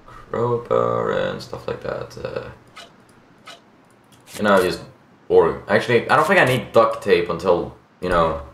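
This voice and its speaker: A man's voice: low voice, very animated, measured pace, creaky, pauses often, fairly bright tone, reverberant, slight background noise. A man casually commenting while playing a game, swearing often and reading the game's lines aloud. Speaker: gaming video host. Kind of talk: let's play commentary.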